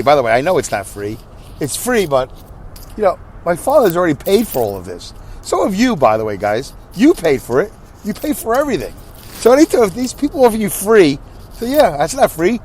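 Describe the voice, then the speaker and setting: A little hiss or hum runs under this casual storytelling monologue from a tired middle-aged podcast host. He rambles and cuts himself off, animatedly performing both sides of a dialogue. His voice is a little high, his speed normal, with long pauses.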